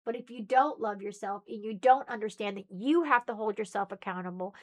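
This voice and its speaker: A woman's voice: on the high side, fairly bright tone. A middle-aged woman talking casually to her viewers in a rambling, emphatic, preachy way. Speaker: spiritual vlogger. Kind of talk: casual monologue to camera.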